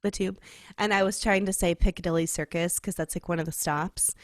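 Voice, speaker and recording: A woman's voice: lowish voice, fairly even intonation, a little fast, no echo. Young female podcast co-host, casual and chatty, filler-heavy, dry close recording. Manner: chatty, many "like" fillers, laughs often. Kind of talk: casual chat.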